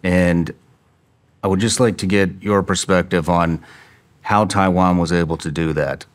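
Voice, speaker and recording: Deep-voiced male host, earnest and a bit halting as he asks questions. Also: steady tone. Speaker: podcast host. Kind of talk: interview introduction and questions.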